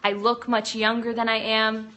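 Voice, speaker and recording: A woman's voice: fairly high pitch, little pitch movement, moderate pace, sharp tone. A woman hosting a live phone stream, chatting and encouraging viewers, reading out their comments with frequent ums and restarts. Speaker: livestream host. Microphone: phone camera.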